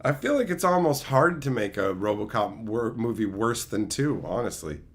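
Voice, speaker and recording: A man's voice: medium pitch, moderate pace. A man streaming live, chatting with viewers and ranting with a lot of swearing. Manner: profane, animated ranting; answers viewer chat. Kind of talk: casual livestream chat.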